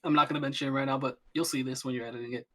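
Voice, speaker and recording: A man's voice: mid-range voice, fairly even intonation, rapid-fire, fairly bright tone. A young man chatting as a podcast guest, rambling with many restarts and fillers. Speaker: guest streamer. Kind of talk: casual podcast chat.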